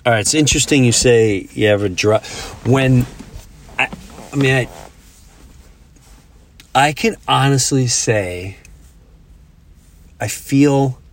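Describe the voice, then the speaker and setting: A middle-aged man hosts a relaxed podcast chat at an ordinary pitch. He tells his stories in a halting way, stopping and restarting his sentences as he works toward his point. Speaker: podcast host. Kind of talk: casual chat.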